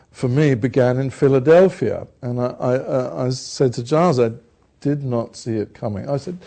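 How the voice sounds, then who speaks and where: An older British man, an actor from England, telling rambling, self-deprecating stories in a relaxed conversation. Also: medium pitch, vocal fry. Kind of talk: conversational storytelling.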